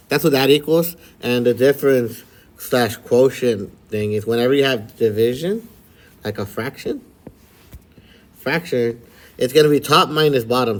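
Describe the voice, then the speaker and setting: A man teaching a math lesson in a relaxed, chatty way, often checking in with his students. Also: mid-range voice. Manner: relaxed and chatty, checks in with frequent "all right?" and "okay?". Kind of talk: casual recorded lesson for students.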